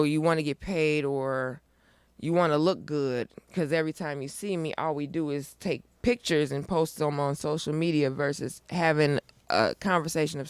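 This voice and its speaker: Emphatic woman with a smooth, dry voice. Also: low-pitched, no echo. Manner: upbeat, emphatic, animated. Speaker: guest, nonprofit founder. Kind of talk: casual interview chat.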